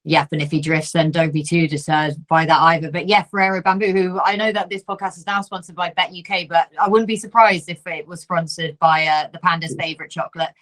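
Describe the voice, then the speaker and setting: A woman hosting a horse racing podcast in casual chat, bubbly and quick to laugh. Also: lowish voice, fairly even intonation, fairly bright tone, low-quality recording. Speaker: podcast host.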